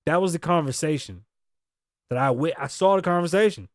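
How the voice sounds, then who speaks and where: A man's voice: a little high, animated, moderate pace, pauses often, dry recording, studio quality. A man hosting a podcast, giving blunt, indignant commentary on the news, swearing freely and acting out the lines of the people in the story. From Las Vegas. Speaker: podcast host.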